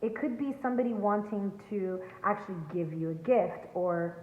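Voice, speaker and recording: This tarot reader has a mid-range voice and a moderate pace. Speaking from home close to a backyard, she delivers an earnest, emphatic reading to viewers in a spiritual-coaching style. The echoey audio has a thin, phone-like quality.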